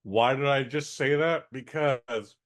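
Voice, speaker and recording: A man's voice: medium pitch, takes it slowly, a bit bright. A man co-hosting a podcast, giving a rambling, profane, exasperated movie review in casual chat.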